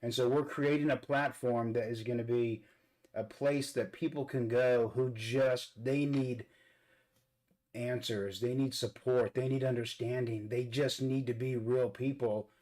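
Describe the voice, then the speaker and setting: A man's voice: medium pitch, fairly even intonation, unhurried, darkish tone, low-quality recording. A man hosting a casual vlog. He talks earnestly while he does his makeup, and he often repeats words as he searches for them. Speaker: vlog host.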